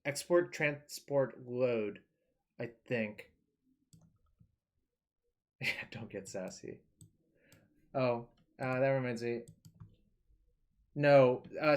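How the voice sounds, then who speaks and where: A man streaming a card game, talking loosely and casually, thinking aloud and swearing now and then. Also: mid-range voice. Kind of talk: casual live-stream commentary.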